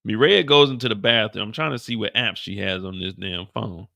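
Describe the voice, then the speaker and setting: A man hosting a live after-show, recapping a TV episode with animated, profane storytelling. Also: fairly low pitch, brisk, gravelly. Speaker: host.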